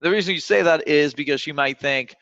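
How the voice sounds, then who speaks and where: A man coaching on cold calling over a video call, often acting out phone exchanges in a raised, lively voice. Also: a little high, brisk, dry recording. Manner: acts out phone calls in a raised voice. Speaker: sales trainer. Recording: dull, dry video call audio.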